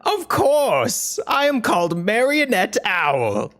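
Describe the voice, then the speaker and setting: Gloating night-stalker villain, a guy with a sore throat hams it up, slow and lively. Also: high voice, pitched above the performer's own voice, heavily acted. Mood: boastful. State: strained throat. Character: boastful theatrical male villain, night fighter.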